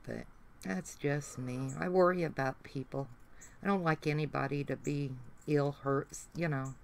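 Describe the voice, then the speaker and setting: A woman's voice: low voice, fairly even intonation, normal speed, creaky. A middle-aged woman with a Southern accent, chatting folksily to her livestream viewers while she works on a craft project. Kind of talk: casual chat while crafting.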